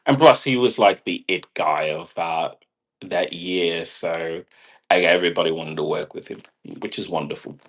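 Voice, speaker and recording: A man's voice: sits low, normal speed, a bit bright. A man rambling casually in a monologue, swearing and laughing at his own jokes. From half British. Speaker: vlogger.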